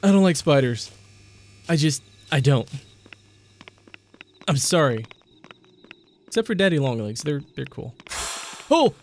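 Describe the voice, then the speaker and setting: A man's voice: a little high, expressive, measured pace, pauses often. A young man commentating a let's play of a horror game, jumping between panicky yelps and joking asides. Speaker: gaming YouTuber.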